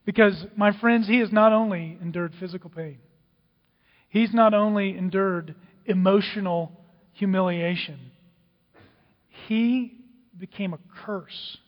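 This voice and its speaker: A man preaching a sermon, dramatic, swinging from loud outbursts to hushed whispers. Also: sits high, measured pace, pauses often. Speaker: pastor. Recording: dull, with long hall reverb.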